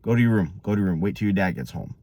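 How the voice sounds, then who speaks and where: A man voicing a stern mother who gives flat, quick orders. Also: low-pitched, dry recording.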